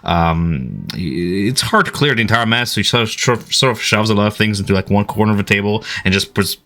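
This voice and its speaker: Low-voiced, lively game master narrating. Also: male voice. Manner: loose, halting narration with fillers and restarts.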